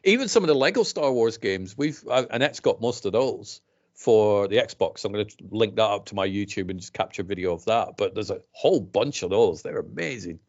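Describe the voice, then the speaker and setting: A man's voice: on the low side, expressive, a little fast, darkish tone, highs cut off. A man co-hosting a podcast over a video call, easygoing and agreeable, listing things with plenty of fillers. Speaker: podcast co-host. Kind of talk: casual chat.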